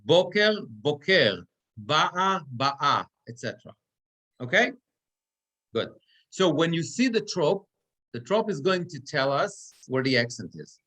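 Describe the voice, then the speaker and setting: A man's voice: a little high, very animated, unhurried, pauses often, a bit bright. A cantor teaching Torah reading in a classroom, explaining step by step and checking in with his students often. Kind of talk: classroom lecture. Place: synagogue classroom.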